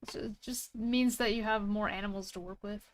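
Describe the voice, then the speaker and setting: An American woman chatting casually with a co-host during a game stream, soft-spoken with hesitant restarts. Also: mid-range voice, fairly even intonation, brisk. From United States.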